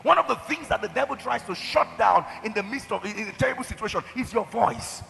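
A man preaching a sermon, emphatic, with shouted declarations and acted-out quotes to his church. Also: extremely high pitch, fast talker, creaky, few pauses. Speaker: pastor. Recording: hall reverb.

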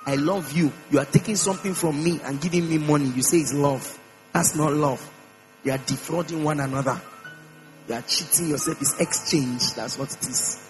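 A man delivering a sermon to his church, his voice pitched a little high. He preaches emphatically, repeating short phrases and jumping his pitch up and down. A steady mains hum and soft music sit under the recording. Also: normal speed, poor audio. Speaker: pastor.

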